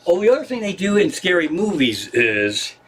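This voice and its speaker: A man's voice: high-pitched, sing-song, normal speed, a little hiss or hum. A man doing a rambling, profane stand-up monologue from his living room on a livestream. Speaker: comedian.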